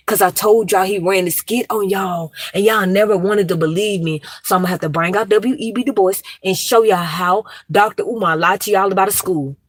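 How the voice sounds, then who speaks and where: A woman's voice: fairly low pitch, no echo. A woman, ranting emphatically and profanely to her viewers. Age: 30s. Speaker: vlogger.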